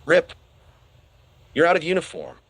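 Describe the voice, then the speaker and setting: Male reader voicing a hulking, stern weapons instructor; bellowing, slow and commanding. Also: medium pitch, very animated, fairly bright tone, no echo. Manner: bellowing, barking orders.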